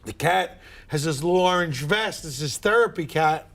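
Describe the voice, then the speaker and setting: A middle-aged man fires off exasperated stand-up rants on a morning show. His voice sits high and has a gravelly rasp to it. He keeps up a wisecracking comic rhythm. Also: animated, moderate pace, a bit bright. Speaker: comedian guest.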